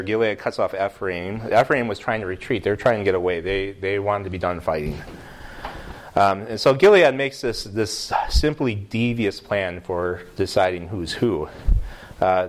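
An American man teaching a Bible class in a room with a board, lively, putting questions to the class and often restarting his sentences. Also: on the low side, slight background noise. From United States.

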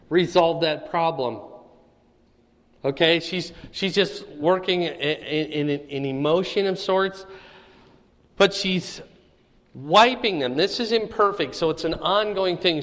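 Man, Bible teacher, conversational, keeps asking okay, slightly high voice, reverberant room. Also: a bit bright. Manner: conversational, checks in with "okay?" often.

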